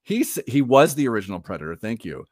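A man's voice: medium pitch, fast talker, no echo, studio quality. A man co-hosting a podcast, chatting casually and telling stories with lots of laughter. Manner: animated, laughs often, lively storytelling. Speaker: podcast co-host. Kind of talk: casual chat.

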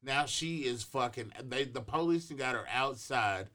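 A man's voice: mid-range voice, a little slow, bright, forceful tone. A man co-hosting a talk show in a studio, telling a story casually with heavy profanity. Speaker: co-host. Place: radio studio.

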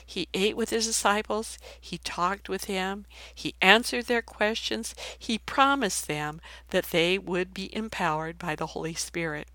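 A woman reading a Bible passage aloud, then commenting on it in a conversational, animated sermon style. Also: mid-range voice, unhurried, few pauses, dry recording. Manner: conversational, animated, laughs while teaching. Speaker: Bible teacher.

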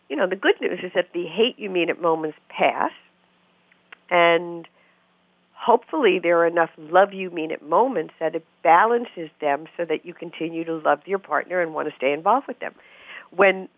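A woman's voice: lowish voice, creaky, dry recording. A middle-aged woman therapist explaining relationships in a conversational interview, acting out the voices in her stories. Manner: animated storyteller who acts out quoted voices. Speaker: therapist guest. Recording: dry phone-like narrow sound.

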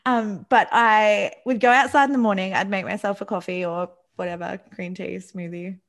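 A young woman co-hosting a podcast, rambling through casual stories in a chatty, animated way. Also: medium pitch, moderate pace. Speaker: podcast co-host. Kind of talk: casual chat.

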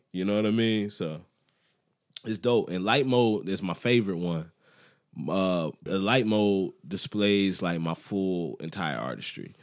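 A man with a fairly low voice talks through his music in a relaxed podcast chat. He rambles, full of slang and side stories, like he is among friends. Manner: relaxed, slang-heavy storytelling. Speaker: musician guest.

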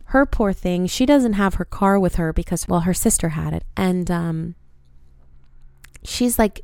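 Smooth-voiced woman telling a story. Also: on the low side, unhurried, dry recording, studio quality. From United States. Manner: animated, frequent swearing. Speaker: podcast host. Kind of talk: casual storytelling.

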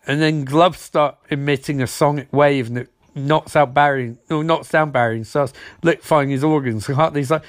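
A man's voice: fairly high pitch, steady tone, no echo. Snarky man, dry close mic. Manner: mocking, snarky, acts out characters' lines in quick voices. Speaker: TV episode reviewer. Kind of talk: sarcastic episode recap.

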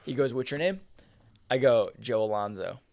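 Animated young man retelling a story. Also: medium pitch, normal speed, vocal fry, dry recording, clean studio sound. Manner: animated, reenacts dialogue, swears. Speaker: podcast co-host. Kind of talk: casual storytelling chat.

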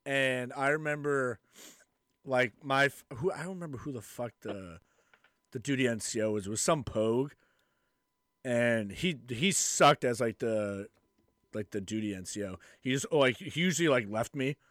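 A man's voice: mid-range voice, animated, moderate pace, fairly bright tone, no echo, studio quality. A young man co-hosting a podcast, swearing a lot and telling stories through laughs. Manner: profane, laughing storyteller, acts out quotes. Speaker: podcast co-host. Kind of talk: casual chat.

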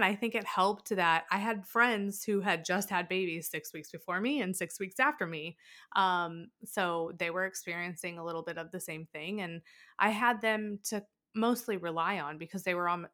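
Casual chat guest: woman, 30s, lower pitch, bright forward tone, candid storyteller. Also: moderate pace. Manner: candid, animated storytelling with laughs. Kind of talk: casual conversation.

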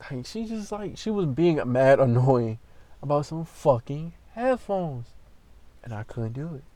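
Young man, higher voice, unhurried, profane exasperated storytime rant. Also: big pitch swings, dark tone.

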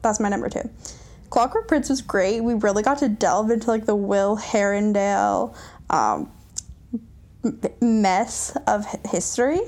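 A woman's voice: medium pitch, animated, unhurried, darkish tone. A young woman co-hosting a casual podcast, gushing enthusiastically about books, with lots of fillers. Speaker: podcast co-host.

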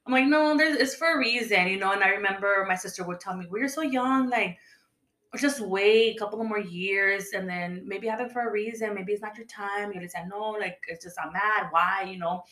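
A woman's voice: medium pitch, steady tone, a little fast, sharp tone. A woman in casual podcast chat, telling stories in a chatty way and acting out the voices of people she quotes. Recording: echoey room.

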